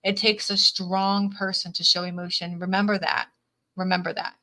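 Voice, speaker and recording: A woman's voice: medium pitch, flat delivery, moderate pace, sharp tone. A woman reading tarot on a live stream, who repeats her phrases and reads viewers' comments aloud. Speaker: tarot reader.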